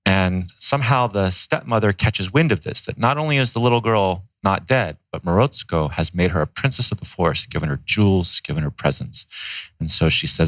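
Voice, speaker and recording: Deep-voiced man telling a fairy tale. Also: lively intonation, fairly quick, fairly bright tone, dry recording, poor audio. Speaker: ice bath company co-founder. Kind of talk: storytelling in a podcast interview.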